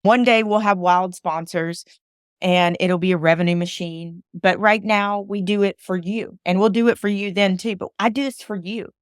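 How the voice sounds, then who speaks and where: A Southern woman hosts her podcast in an earnest, deeply felt voice that builds into appeals like a preacher's. She sits at a middle pitch for a woman. Her voice comes across close and dry, with no room sound. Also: fairly even intonation, moderate pace, smooth, dry recording. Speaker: podcast host. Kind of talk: heartfelt podcast monologue.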